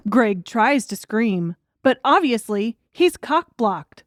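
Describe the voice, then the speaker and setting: A woman's voice: on the high side, very animated, slow pace, no echo. A woman narrating an audiobook in a wry, crude comic storytelling manner.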